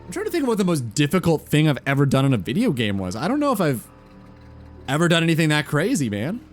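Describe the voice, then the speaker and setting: Laid-back male streamer, slightly higher voice. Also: quick pace, faint music behind. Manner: relaxed, rambling, swears casually. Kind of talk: casual gaming stream chat.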